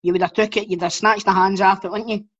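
A man's voice: high-pitched, flat delivery, fast, a bit bright, lo-fi sound. Sweary man ranting. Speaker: co-host. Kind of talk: casual banter.

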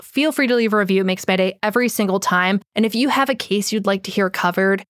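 A woman's voice: medium pitch, no echo, clean studio sound. A woman hosting a true crime podcast who speaks bluntly and swears a lot, and says she is losing her voice. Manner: blunt and heavily profane. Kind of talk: podcast narration and unscripted outro rant.

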